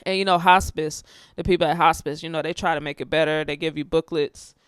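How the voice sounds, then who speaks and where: A woman's voice: sits low, fairly even intonation, fairly quick, smooth, no room sound, clean studio sound. Emotional young woman telling a personal story. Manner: candid and emotional, with fillers and restarts.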